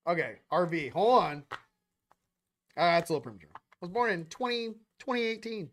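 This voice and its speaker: A man's voice: high voice, lively intonation, fairly quick, a bit bright. A young man hosting a casual spiritual livestream monologue, loose and slangy, rambling with quoted asides. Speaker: spiritual channel host.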